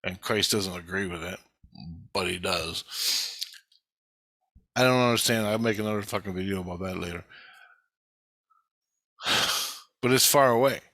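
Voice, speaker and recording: A man tells a long, rambling first-person story, swearing heavily and growing more agitated as he goes. His voice is bright and forceful, and he quotes the people in his story without changing his own voice. The recording is dry and close. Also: low-pitched, measured pace, pauses often, no echo. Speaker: vlogger recounting experiences.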